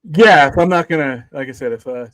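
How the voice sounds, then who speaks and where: A man's voice: on the high side, a little fast, a bit bright, dry recording, low-quality recording. A man hosting a charity movie livestream in casual chat, rambling and swearing freely. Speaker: livestream host.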